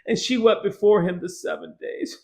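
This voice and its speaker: A man's voice: sits high, normal speed, gravelly, darkish tone. A man pastor teaching a casual Bible study, conversational with joking, sarcastic asides.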